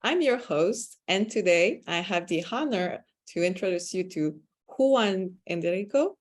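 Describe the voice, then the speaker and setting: A woman with a French Canadian accent hosting an interview podcast, speaking in a measured, reflective way with frequent pauses and ums. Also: lowish voice, lively intonation. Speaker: podcast host.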